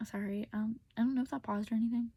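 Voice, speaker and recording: Breathy young woman, half-whispering. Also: on the high side, warm tone, no room sound. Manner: rambling, heavy filler words, often half-whispered. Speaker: vlogger. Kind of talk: casual storytime. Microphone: phone.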